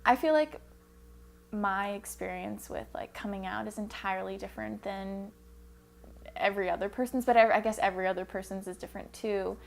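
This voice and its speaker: A woman's voice: medium pitch, a little fast, gravelly, slight background noise. Young woman rambling with lots of likes. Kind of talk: documentary interview, casual storytelling.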